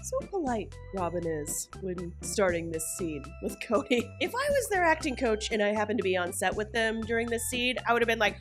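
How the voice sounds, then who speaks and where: A woman's voice: mid-range voice, very animated, fairly quick, few pauses, soft background music. A woman hosting a reality TV recap, talking in a sarcastic, joking commentary style. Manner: sarcastic, jokey, mock voices.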